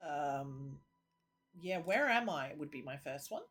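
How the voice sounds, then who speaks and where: A woman streamer reads a text adventure aloud and breaks off into muttered comments of her own. Her voice sits fairly low and she takes the text slowly and deliberately. The tone stays casual throughout. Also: expressive, slightly rough. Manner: reads narration slowly, drops into muttered asides. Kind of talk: reading a text game aloud with casual asides.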